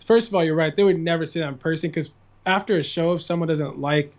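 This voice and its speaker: A young man in his twenties, a musician guest on a casual podcast, telling his stories in a loose, chatty way full of "like" fillers and easy laughter. His voice sits a touch higher than most men's, and the recording sounds a bit dull and lo-fi. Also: fast. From California. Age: 20s. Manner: chatty storyteller, many "like" fillers, laughs often. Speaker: podcast guest, guitarist and singer.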